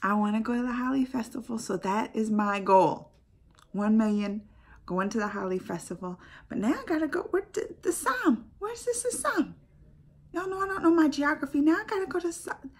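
A woman's voice: a little high, brisk. A woman hosting a casual reaction vlog, gushing emotionally to her viewers and often dropping to a whisper. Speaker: YouTube reaction host.

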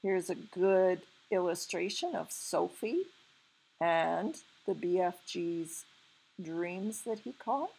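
A woman teacher reads a children's novel aloud at a slow, careful pace. Her voice is gravelly and a little husky, and she ends by giving her class a small assignment. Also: on the low side, poor audio. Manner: expressive, gives homework. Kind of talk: read-aloud storytelling.

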